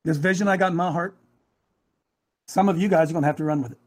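A man in his sixties preaching a sermon, emotional and repeating phrases for emphasis, building to shouts. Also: a little high, fast talker. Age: 60s.

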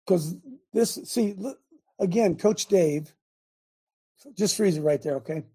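A man hosting an online talk as a coach, preaching loudly, repeating himself and shouting at times. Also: high-pitched, slow, slightly rough. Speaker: host and coach.

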